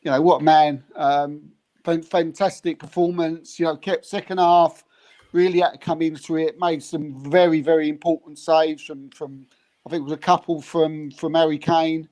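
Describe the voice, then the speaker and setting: A man chatting casually about a football match as an animated storyteller who chuckles often. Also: fairly high pitch, moderate pace. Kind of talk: casual football reaction chat.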